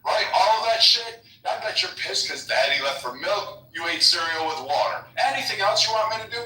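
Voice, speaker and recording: High, bright-voiced man in a profane rant. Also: animated, normal speed. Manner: aggressive, mocking, profane. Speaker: debater in a live voice chat. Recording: echoey, distant, faint music behind.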